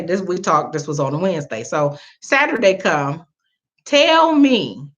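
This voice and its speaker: A woman, telling a personal story to viewers in a casual, animated way, laughing and jumping high in pitch when she quotes people. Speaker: vlogger. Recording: dull lo-fi sound.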